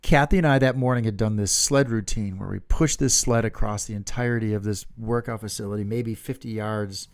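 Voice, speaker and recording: Low-voiced man telling a rambling story. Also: fairly even intonation, a little fast, hardly any pauses, clean tone, dry recording. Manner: rambling storyteller, swears freely. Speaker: podcast co-host. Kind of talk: casual chat.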